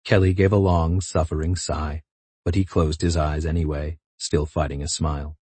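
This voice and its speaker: A man reads a novel aloud in a measured, intimate way. His voice is very low, dark and husky. The recording is dry and close with no room sound. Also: flat delivery, dry recording. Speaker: audiobook narrator. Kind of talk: scripted narration.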